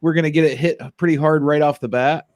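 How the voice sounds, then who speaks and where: A man hosting a sports talk show in casual, rambling chat. His voice sits a bit high for a man. He talks in an animated way and laughs easily. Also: fast. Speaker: podcast host.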